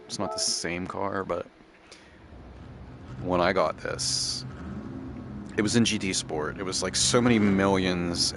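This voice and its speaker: A man's voice: deep voice, background noise. A man casually thinking aloud and rambling while playing a driving game. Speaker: gaming channel host. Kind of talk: casual gameplay commentary.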